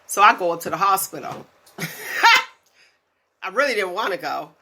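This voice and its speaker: A woman hosting a casual talk show, telling stories in an animated way and laughing often. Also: mid-range voice, slow. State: tired. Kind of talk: casual chat.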